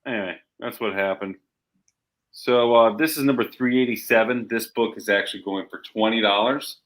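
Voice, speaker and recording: A man co-hosting a live comic shopping stream, pitching books and games with animated asides. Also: moderate pace, low-quality recording. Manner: animated, acts out story voices. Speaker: co-host selling comics.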